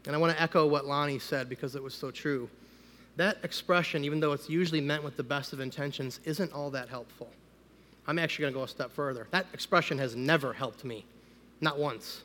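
A man, a pastor, giving a conversational sermon that rises into loud, emphatic preaching. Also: a little high, a little fast. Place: church sanctuary. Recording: long hall reverb.

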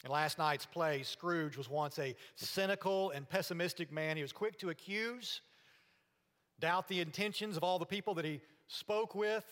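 A man preaching a sermon to his congregation, earnest and now and then dropping to a hushed voice for emphasis. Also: a little high, normal speed. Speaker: pastor. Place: church sanctuary. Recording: long reverb of a church hall.

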